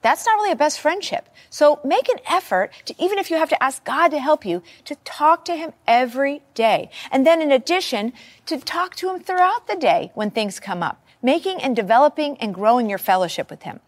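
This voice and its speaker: A woman preaching a sermon, reading scripture and talking it through in a conversational, animated teaching manner. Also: high voice, fairly quick.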